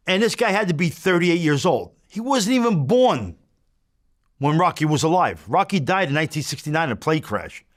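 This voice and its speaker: As an interview guest, a man with a fairly bright voice on the high side tells a story bluntly. He swears plenty and re-enacts the back-and-forth exchanges as he narrates.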